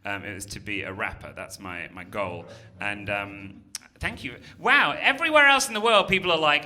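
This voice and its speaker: Lively British comedian working a crowd. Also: male voice, fairly high pitch, a little fast. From Britain. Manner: chatty, teasing, breaks into mock voices. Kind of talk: stand-up crowd work. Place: comedy venue before a live audience.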